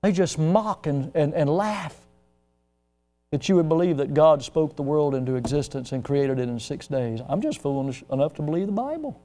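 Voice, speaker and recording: A man in his sixties from the United States, a pastor preaching an impassioned sermon, moving from hushed to loud. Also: a little high, animated, moderate pace.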